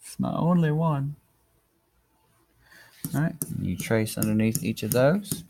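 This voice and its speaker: A man's voice: mid-range voice, a little slow, warm tone. A man narrating a handwriting lesson in a chatty, encouraging way while he writes. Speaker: handwriting teacher. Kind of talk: casual tutorial narration.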